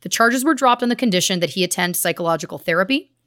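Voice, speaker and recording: A woman's voice: mid-range voice, expressive, fast, a bit bright, no echo, studio quality. A woman co-hosting a true crime podcast, reading case details with earnest, grave emphasis. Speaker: podcast co-host.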